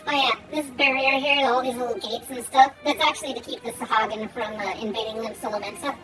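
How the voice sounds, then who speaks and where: A chatty woman streamer with a high voice, rambling through her game and laughing at it. Game music plays under her talk throughout. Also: steady tone, quick pace, bright, forceful tone, poor audio. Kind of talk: casual gameplay commentary.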